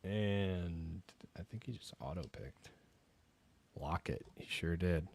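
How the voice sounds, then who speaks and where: Deep-voiced man in casual draft chat. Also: takes it slowly, darkish tone, slight background noise. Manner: laid-back, dry one-word replies. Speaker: podcast co-host.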